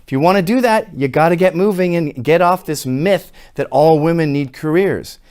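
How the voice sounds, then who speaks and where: Middle-aged guy ranting away, sarcastic and sweary, kinda high voice, dry sound. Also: moderate pace, clear, resonant tone, no room sound. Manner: ranting, sarcastic, swings from quiet to shouting. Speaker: commentator. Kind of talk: profane opinion monologue.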